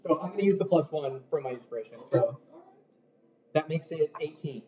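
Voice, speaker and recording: A man's voice: on the high side, lively intonation, brisk. A man playing in a tabletop game, playful and laughing often. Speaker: player. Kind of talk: casual tabletop chat. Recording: dull with chatter behind.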